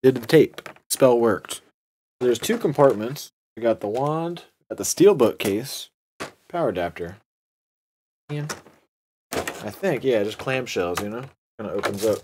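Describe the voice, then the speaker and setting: A man's voice: medium pitch, animated, unhurried, pauses often, a little mellow, a little hiss or hum. A young man hosting an unboxing video, talking in a casual, sarcastic and rambling way.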